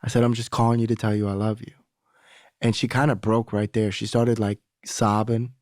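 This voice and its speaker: A man's voice: fairly low pitch, level tone, normal speed, a little mellow, no echo, studio quality. A young adult man, a podcast guest, telling a candid personal story in casual talk, swearing freely and acting out the voices of people he quotes.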